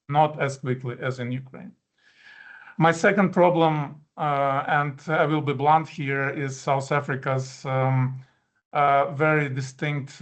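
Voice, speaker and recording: Halting, flat-voiced male ambassador. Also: medium pitch. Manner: measured, frank, with frequent hesitations and restarts. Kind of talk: formal speech at a policy event.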